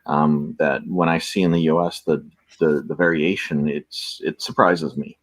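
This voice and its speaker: A man's voice: very deep voice, fairly even intonation, unhurried, dry recording, poor audio. A man from Canada talking casually, rambling with many fillers and restarts. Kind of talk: casual conversation.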